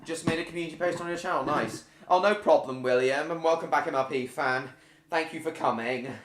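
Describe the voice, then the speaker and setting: A man's voice: on the high side, a little fast, reverberant, background noise. A man hosting a live stream, chatting casually with viewers and reading out their comments, with frequent fillers and restarts.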